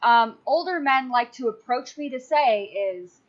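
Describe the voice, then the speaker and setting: A woman's voice: fairly high pitch, expressive, measured pace. A woman hosting a casual podcast chat, rambling and swearing offhandedly. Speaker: podcast host. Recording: muffled lo-fi audio.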